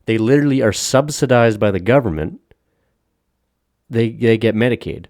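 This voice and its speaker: A man's voice: medium pitch, lively intonation, normal speed, darkish tone, no room sound, studio quality. A man co-hosting a casual podcast, ranting with lots of profanity and frequent laughter. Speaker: podcast co-host.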